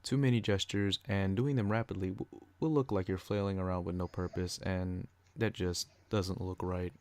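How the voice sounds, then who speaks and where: A young man reading a scripted educational podcast, a little flat as he reads from prepared notes. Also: sits low, normal speed. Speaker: student podcaster.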